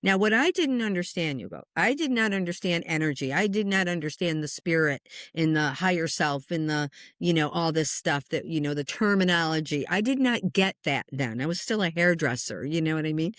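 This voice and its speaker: A woman in her sixties, a spiritual medium, telling a personal story in a casual interview, chatty and lively, acting out the voices of the people in it. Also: deep voice, fairly quick, no room sound, studio quality. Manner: animated storyteller who acts out quoted voices; chatty, with frequent "you know" and "like".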